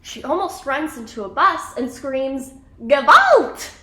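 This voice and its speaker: A woman telling a children's story in an expressive, animated way. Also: high voice, measured pace.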